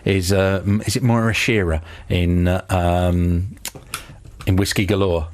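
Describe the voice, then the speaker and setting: A man's voice: low voice, steady tone, a little slow, darkish tone, no echo. A man hosting a casual radio interview, rambling with restarts and chuckles. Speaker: radio host. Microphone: studio microphone.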